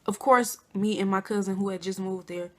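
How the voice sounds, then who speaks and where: A young woman from Flint, Michigan, telling a storytime to her viewers in a chatty, animated way. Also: medium pitch, normal speed. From Flint, Michigan, USA. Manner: chatty, addresses viewers as y'all and girl, animated quotes. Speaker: vlogger. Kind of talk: casual storytime.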